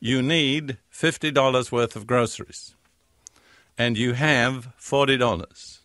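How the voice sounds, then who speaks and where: An older man preaching a Bible teaching, his voice at a middle pitch. He reads scripture slowly and stresses each key word. The sound is dry and close, with no room echo. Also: steady tone, a bit bright. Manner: measured, emphatic reading of scripture verses. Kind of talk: sermon.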